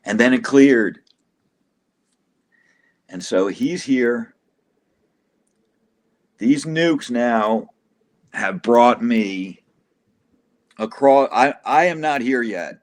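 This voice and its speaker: A man's voice: medium pitch, expressive, very slow, long pauses. A man telling an emotional personal testimony as an interview guest, casual and profane, acting out quotes dramatically.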